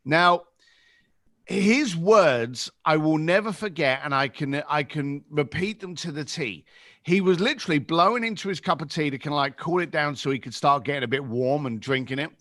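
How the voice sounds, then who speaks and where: A man in his fifties with a London accent, a podcast guest telling animated stories and acting out the voices in them. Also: on the high side, normal speed, no room sound, studio quality. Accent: London English. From England. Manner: lively, acts out voices in anecdotes. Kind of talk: animated storytelling.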